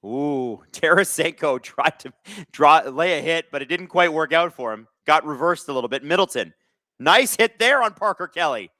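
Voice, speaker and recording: A man in his thirties from Canada runs a casual live hockey stream, mixing play calls with jokes and chat shout-outs. His voice is bright and forward, swinging widely in pitch. The sound is dry and close, with little room around it. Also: moderate pace, no echo. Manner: jokey, reads chat aloud, bursts of excitement. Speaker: host of a live hockey watch-along stream.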